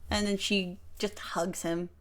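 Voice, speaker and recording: A woman running a tabletop game as game master, narrating in a halting way with many restarts over an online voice chat. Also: medium pitch, little pitch movement.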